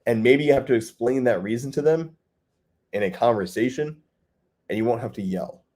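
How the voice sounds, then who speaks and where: A man's voice: mid-range voice, normal speed, a little mellow. A man, co-hosting a live fatherhood Q&A and answering bluntly with rhetorical questions. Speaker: co-host, fatherhood coach. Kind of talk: live Q&A advice talk.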